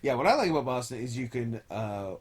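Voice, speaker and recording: Husky guy cracking jokes on a podcast, laughs a lot, mid pitch. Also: very animated, quick pace. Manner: joking, irreverent, laughs often. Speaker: podcast co-host. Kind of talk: casual chat.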